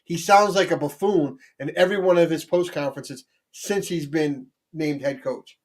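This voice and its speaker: A man co-hosting a sports talk show, talking in an animated, rambling way with lots of restarts. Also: a little high, normal speed. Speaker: sports podcast co-host.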